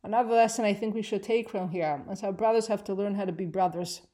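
A woman teaching a Bible class, reading Hebrew verses aloud and translating them, with an expressive delivery that swings between emphatic and hushed. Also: mid-range voice, fast talker. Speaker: Torah teacher.

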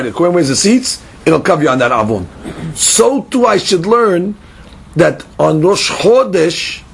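A man teaching a Talmud lesson in an animated, questioning way, often repeating words and mixing in Hebrew and Aramaic terms. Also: sits high, gravelly, slightly rough.

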